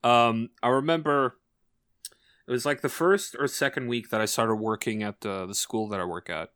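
Halting, rambling young man. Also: medium pitch, fairly bright tone, smooth. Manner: rambling, halting, lots of filler and profanity. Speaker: podcast co-host. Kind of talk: casual chat.

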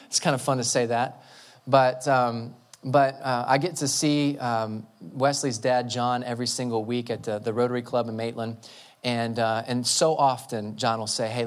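A pastor, a man in his thirties, telling personal stories in a relaxed, conversational sermon at his church, with frequent restarts. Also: mid-range voice.

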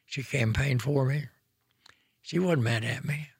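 A man's voice: mid-range voice, a little slow, gravelly, breathy edge, no room sound, studio quality. A man in his nineties from Oklahoma, a former governor telling folksy, self-deprecating stories as a guest. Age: 90s. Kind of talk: storytelling reminiscence.

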